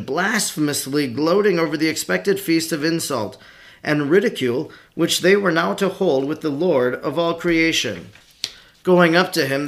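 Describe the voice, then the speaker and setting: A man reading a devotional text aloud as an audiobook narrator, with a steady, formal delivery. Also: on the high side.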